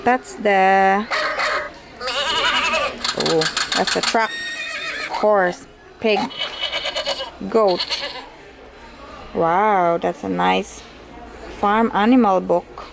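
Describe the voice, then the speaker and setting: A woman showing a baby a sound book, speaking in a gentle sing-song and imitating animal noises. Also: mid-range voice, fairly even intonation, drawn-out words, creaky, long pauses, heavy background noise. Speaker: caregiver playing with a baby.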